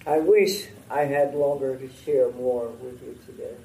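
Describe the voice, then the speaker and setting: An older man giving a formal, heartfelt prepared speech at a memorial ceremony, in a slow and measured way. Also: mid-range voice, mellow, echoey room, far from the mic, slight background noise, rough recording.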